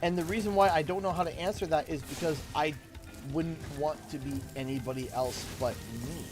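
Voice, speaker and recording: A young Canadian man hosts a gaming livestream, chatting casually, reading donations aloud and laughing a lot in an animated way. His voice is fairly high and a little fast, with music in the background.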